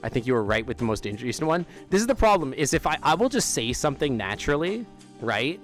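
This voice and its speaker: A man live-streaming from outdoors in a loose, rambling chat, often breaking into laughter and leaving sentences unfinished. His pitch sits in an ordinary middle range, and faint music plays in the background. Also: very animated, fast. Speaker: livestreamer. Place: outdoors near an amphitheater.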